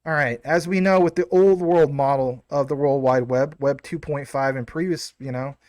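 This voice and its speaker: A man hosting his own video, explaining ideas casually with rhetorical questions, fillers and quick self-corrections. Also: mid-range voice, fairly even intonation, a little mellow, no room sound, clean studio sound. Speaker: crypto video host.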